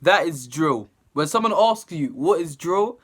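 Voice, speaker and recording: A man giving casual, animated reaction commentary as a video host, exclaiming often. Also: a little high, measured pace, slight background noise. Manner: animated, exclaiming and laughing between remarks. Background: faint music.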